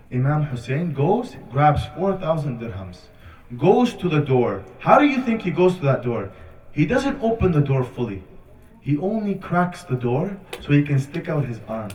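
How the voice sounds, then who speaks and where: A man's voice: fairly high pitch, mellow. A man giving a sermon at a community center, earnestly retelling stories with quoted dialogue. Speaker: religious speaker. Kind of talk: sermon storytelling. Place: community center prayer hall. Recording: distant, echoey, muffled hall recording.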